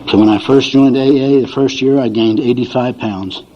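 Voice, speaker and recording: Steady in tone and at a normal speed, an older man's mid-range voice carries folksy, chuckling anecdotes to a recovery meeting crowd, complete with his family's voices acted out. There's slight background noise on this dull lo-fi recording.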